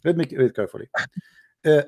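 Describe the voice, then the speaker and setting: A man's voice: on the high side, lively intonation, quick pace, mellow, no room sound, clean studio sound. A man hosting a heated call-in debate, mocking and insulting his caller in a combative way. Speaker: debate show host.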